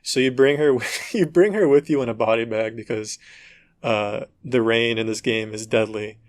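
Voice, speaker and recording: A man co-hosting a casual gaming podcast, telling stories in an animated way and acting out dialogue. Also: mid-range voice, normal speed, no echo, clean studio sound. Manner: animated storytelling, acts out dialogue in quotes. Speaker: podcast co-host. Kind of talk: casual chat.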